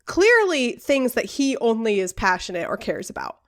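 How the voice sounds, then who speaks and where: Chatty woman podcast host, higher voice. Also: sing-song, moderate pace. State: tipsy. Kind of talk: casual chat.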